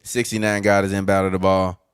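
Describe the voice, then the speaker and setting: A man co-hosting a podcast, reacting live to a basketball game with excitable, profane mock play-by-play. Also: sits low, brisk, clear, resonant tone, no room sound, studio quality. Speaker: podcast co-host.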